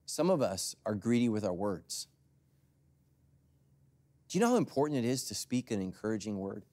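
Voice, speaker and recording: A man preaching a sermon as a pastor in a conversational, storytelling way, swinging from loud emphasis to near whispers. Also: fairly low pitch, animated, moderate pace.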